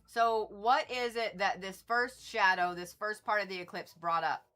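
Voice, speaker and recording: A woman's voice: mid-range voice, fairly even intonation, moderate pace, fairly bright tone. A middle-aged woman hosting an astrology livestream, talking in a chatty, rambling way with frequent swearing and laughing asides. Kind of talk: casual livestream chat.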